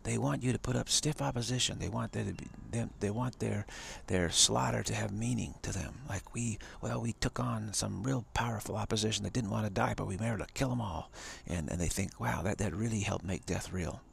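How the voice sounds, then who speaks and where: A man with a gravelly, husky, low voice gives a live spiritual talk. He talks emphatically, repeats phrases and chuckles often between points. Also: fairly quick.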